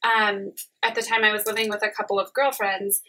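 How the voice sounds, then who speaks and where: A woman's voice: mid-range voice, flat delivery, a little fast, sharp tone, poor audio. A young adult woman guest on a podcast, earnestly sharing a personal story. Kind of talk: casual chat.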